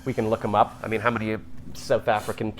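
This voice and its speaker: A man's voice: lowish voice, little pitch movement, fast talker, slight background noise. A man interviewing a film director in a casual, joking chat.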